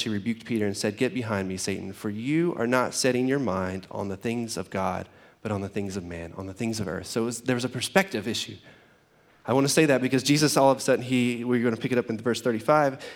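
A man preaching a sermon in a relaxed, conversational way, often acting out characters in everyday voices. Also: mid-range voice. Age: adult parent. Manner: conversational, acts out biblical characters in casual voices. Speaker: pastor.

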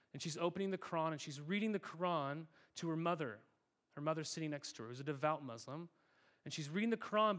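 Earnest, chatty man preaching a sermon. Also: on the high side. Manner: conversational, earnest storytelling with fillers; addresses congregation as "guys". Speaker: pastor.

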